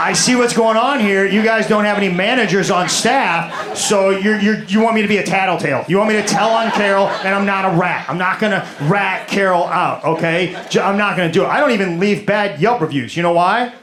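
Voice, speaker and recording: A man's voice: sits high, normal speed, fairly bright tone. A man doing a stand-up comedy set, rambling and exasperated, repeating his words as he rants. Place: comedy stage with live audience. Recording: roomy club with audience noise.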